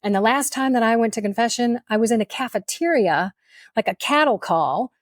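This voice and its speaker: Animated woman telling a testimony. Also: a little high, fairly quick, no echo, clean studio sound. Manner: animated, humorous, emotional storytelling. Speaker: podcast guest. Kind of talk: storytelling testimony.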